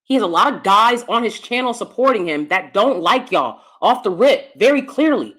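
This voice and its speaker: An American woman rants bluntly into the camera, cursing freely and firing off challenges. Her voice sits high and leaps between low mutters and sharp peaks. The delivery is combative and unfiltered. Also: big pitch swings, moderate pace, hardly any pauses, breathy edge. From United States. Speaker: YouTube commentator. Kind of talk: ranting commentary.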